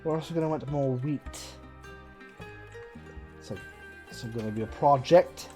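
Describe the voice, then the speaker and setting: A man with a mellow, warm voice talks through a game on a live stream. His commentary is casual and running, full of dry, self-mocking sarcasm. Faint game music plays underneath. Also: medium pitch, unhurried.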